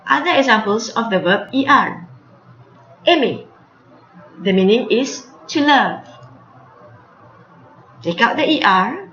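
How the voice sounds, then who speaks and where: A woman's voice: fairly high pitch, animated, slow, long pauses, fairly bright tone, a little hiss or hum. A woman teaching French grammar, spelling out endings letter by letter and repeating each example. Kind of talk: slow spelled-out language lesson. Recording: lo-fi, echoey room.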